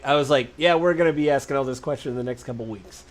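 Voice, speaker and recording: A man co-hosting a casual political podcast, rambling quickly and acting out quotes in other voices. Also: mid-range voice. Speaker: podcast co-host. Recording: faint background noise.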